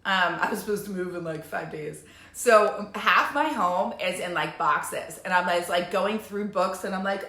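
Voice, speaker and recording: A woman's voice: mid-range voice, moderate pace, sharp tone. A woman talking in a casual live stream as a life coach, bubbly and chatty with lots of fillers. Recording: echoey room.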